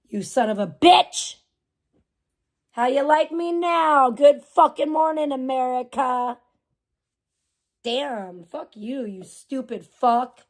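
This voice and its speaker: A woman livestreamer chatting casually and ranting with lots of profanity while reading and answering chat messages. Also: a little high. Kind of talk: casual live stream chat.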